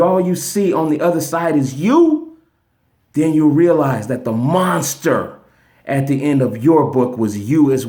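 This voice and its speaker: A man's voice: on the high side, darkish tone. A man telling a story as a lesson in an earnest, casual motivational talk, streamed live from his phone. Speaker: motivational speaker.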